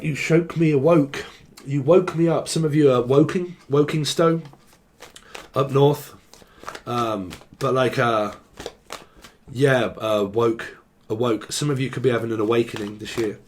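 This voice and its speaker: A man's voice: mid-range voice, moderate pace, slight background noise. A man giving a loose, rambling tarot reading, joking, swearing casually and free-associating on words as he goes. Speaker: tarot reader.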